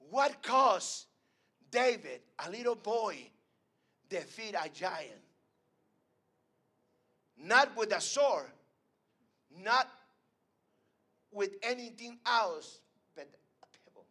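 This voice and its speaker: A man preaching a sermon at an evening church service, swinging between loud emphatic calls and hushed lines. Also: high-pitched, lively intonation, drawn-out words, long pauses, slightly rough.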